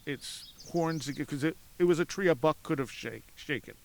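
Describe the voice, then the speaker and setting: A man telling a story as a podcast guest outdoors at a cemetery, animated, acting out voices in his anecdotes and laughing often. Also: a little high, moderate pace, creaky, slight background noise. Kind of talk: casual storytelling.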